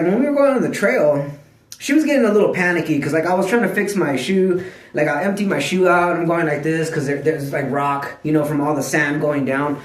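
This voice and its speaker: Rambling, cussing man, slightly high voice. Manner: rambling, profane, full of "like" fillers; clears his throat often. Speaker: vlogger. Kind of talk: casual chat to camera. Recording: echoey room.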